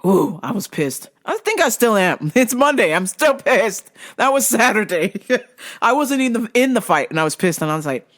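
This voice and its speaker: A podcast host ranting casually about fights, swearing a lot and getting heated and excitable. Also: moderate pace. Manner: wide, jumpy pitch swings when worked up. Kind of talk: casual solo rant podcast.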